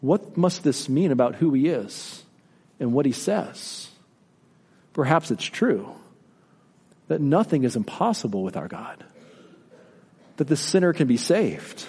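A male pastor preaching a sermon, asking rhetorical questions and swinging between soft, low passages and rising emphasis. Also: very animated, unhurried, long pauses, husky, long reverb tail.

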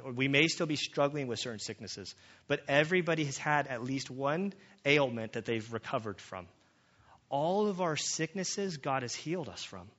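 A man's voice: mid-range voice, a bit bright. A man in his thirties or forties, preaching a conversational sermon as a pastor and telling family stories with quoted dialogue. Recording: slightly dull lo-fi sound.

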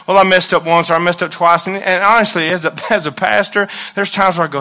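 A male pastor preaching a sermon with passion, moving between loud declarations and hushed asides and repeating his phrases. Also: sits high, steady tone, fast.

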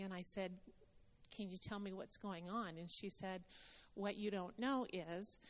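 A woman's voice: mid-range voice, muffled recording. Woman telling church testimony in a hall. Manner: earnest, animated storytelling, quoting others' words. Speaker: ministry speaker sharing testimony.

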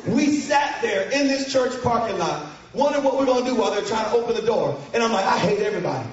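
High-voiced man telling a comic story in an echoing hall. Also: fast talker. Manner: animated, mocking, shouts for effect. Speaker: speaker to students. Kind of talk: comic storytelling to a live audience. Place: large hall with an audience. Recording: echoey hall from far off, muffled, crowd.

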